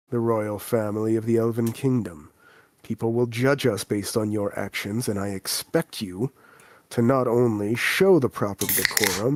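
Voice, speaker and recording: A cold, contemptuous elven king, put on by a man running a tabletop game talks to his children in a low, quiet, deadpan voice. Every word lands with flat disdain, close to a dry mic. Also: no room sound, lightly acted.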